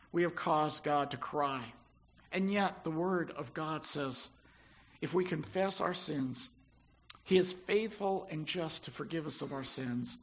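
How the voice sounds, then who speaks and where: A man's voice: on the high side, a bit bright. An older man preaching a sermon, retelling scripture with rising, emphatic delivery.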